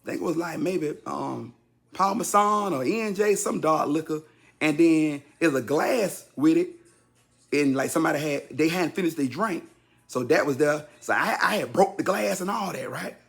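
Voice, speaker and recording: With vocal fry and faint background music, a man in his fifties tells a personal story at a moderate pace. He talks casually and directly to the audience, repeats himself for effect, and gets animated, jumping high and loud when acting out quotes.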